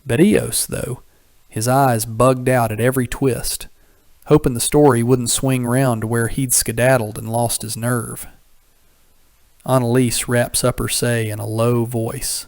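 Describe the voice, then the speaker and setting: Gravelly man spinning a folksy Western yarn. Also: mid-range voice, steady tone, unhurried, a little mellow, dry recording. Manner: drawling, colloquial yarn-spinning. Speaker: audiobook narrator. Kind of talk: folksy Old West storytelling narration.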